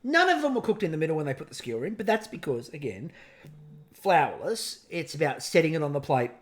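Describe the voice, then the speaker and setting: Animated Australian man recapping a show. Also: on the high side, brisk, faint music behind. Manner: animated storytelling, acting out quotes. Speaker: podcast co-host. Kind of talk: casual chat recap.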